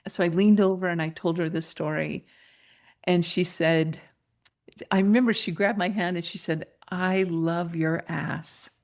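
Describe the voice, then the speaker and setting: Her pitch spikes when she gets excited as this woman, a coach and mentor appearing as an interview guest, tells a story from her own life. She's animated, laughs readily, and keeps a normal speaking speed.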